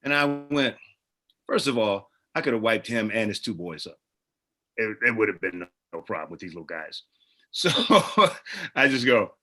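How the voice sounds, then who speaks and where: A man's voice: lowish voice, normal speed. A middle-aged actor and producer, a man, telling stories as a guest in a casual interview and acting out the people in them. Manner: animated, acts out the people in his stories.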